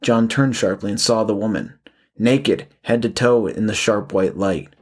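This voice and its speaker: A man, the author, narrating his horror audiobook in a measured, steady way. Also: fairly low pitch.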